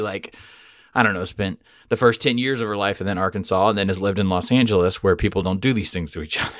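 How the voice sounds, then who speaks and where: A man hosting a podcast, telling a rambling, profane story with sudden loud outbursts. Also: on the low side, no echo, studio quality. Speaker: podcast host. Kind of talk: casual storytelling chat.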